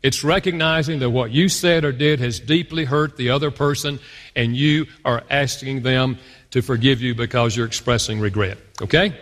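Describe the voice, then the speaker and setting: A man's voice: mid-range voice, steady tone, moderate pace, a bit bright. A man giving an earnest teaching talk to a conference audience. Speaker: guest speaker. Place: large conference hall. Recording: long hall reverb from a live conference.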